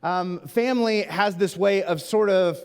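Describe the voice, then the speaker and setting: Joking middle-aged pastor in a reverberant hall. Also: male voice, high-pitched, a little slow, darkish tone, clean tone. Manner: chatty, self-deprecating, many fillers. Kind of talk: humorous sermon storytelling. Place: church auditorium. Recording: long church hall reverb.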